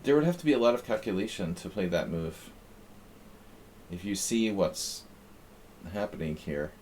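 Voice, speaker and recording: Low-pitched guy streaming chess, rambling, calling out moves, slight background hum. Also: animated, moderate pace, a little mellow. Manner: chatty, thinks aloud, reads moves out. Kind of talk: casual live-stream chat while playing.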